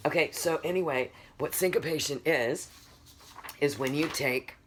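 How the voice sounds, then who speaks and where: A woman's voice: deep voice, normal speed, noisy background. A woman music teacher giving a recorded lesson for children, patiently counting beats aloud and quizzing the class as she goes.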